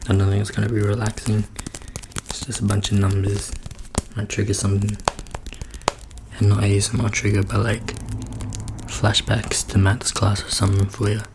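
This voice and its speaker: A man making a soft-spoken ASMR video in his room at home. He switches between whispering and quiet talk into a close mic, with wry joking asides. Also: fairly low pitch, noisy background. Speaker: ASMR creator.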